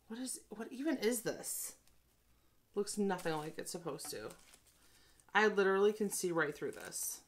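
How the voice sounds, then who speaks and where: A tired woman chatting casually as she reviews a haul, ranting and making self-deprecating asides. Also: lowish voice. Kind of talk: casual chat.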